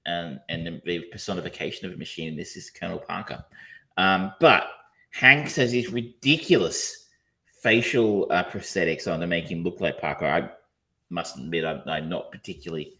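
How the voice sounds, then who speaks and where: A man co-hosting a film-review podcast chats casually in a low, pushed, bright voice at a moderate pace, rambling along with frequent ums, restarts and casual swearing.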